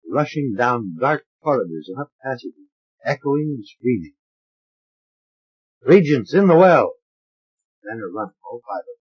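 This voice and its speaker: Male audiobook narrator, husky, lo-fi vintage recording. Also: mid-range voice. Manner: dramatic, varied character voicing. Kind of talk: expressive audiobook reading. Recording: dull lo-fi transfer of an old record.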